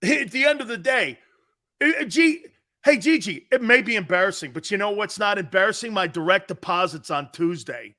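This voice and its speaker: Middle-aged male sports talk host, brash and bright, ranting casually. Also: sits high, moderate pace. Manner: loud, animated, bantering rants.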